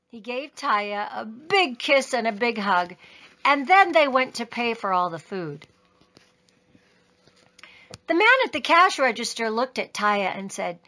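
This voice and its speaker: A woman reading a children's story aloud in an expressive, sing-song way. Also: fairly high pitch, measured pace, long pauses. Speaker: storybook reader.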